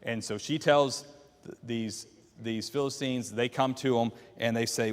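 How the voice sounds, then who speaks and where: A man's voice: medium pitch, fairly even intonation, unhurried, in a large hall. A man teaching a Bible class, walking listeners through the story by quizzing them with questions. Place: church classroom.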